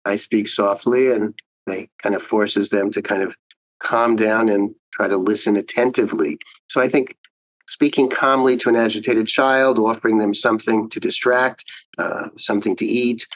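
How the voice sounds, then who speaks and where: Low-voiced man, dull dry recording. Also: fairly even intonation, no echo. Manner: measured, explanatory. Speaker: child psychiatrist guest. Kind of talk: interview answers.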